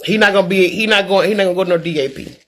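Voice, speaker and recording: Her voice is mid-range and a bit bright, and she talks rapid-fire. She's a middle-aged livestreamer going through viewer comments, speaking candidly and earnestly, preachy at times, with words repeated as her feelings rise.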